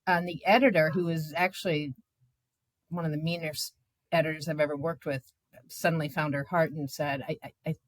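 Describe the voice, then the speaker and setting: Low-voiced woman journalist telling stories. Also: a little fast, dry recording. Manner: animated, emotional, many filler words. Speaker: journalist guest. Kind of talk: candid conversational storytelling.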